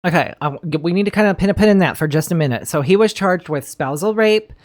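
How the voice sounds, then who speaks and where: A woman's voice: fairly low pitch, quick pace, darkish tone, faint music behind. A woman giving blunt, emotional commentary while recapping a true-crime episode, swearing freely. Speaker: commentary host. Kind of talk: casual reaction commentary.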